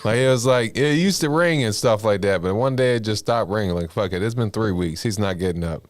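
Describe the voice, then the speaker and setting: A laid-back man with a very low voice, co-hosting a podcast as a comedian. He chats casually and keeps his replies short. The sound is dry and close. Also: brisk, dry recording. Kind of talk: casual chat.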